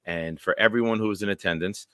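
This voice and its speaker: Excitable low-voiced male show host. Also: quick pace, dry recording, studio quality. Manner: excitable, bursts into loud sing-song chants; shout-outs to viewers by name. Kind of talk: live-streamed sports chat.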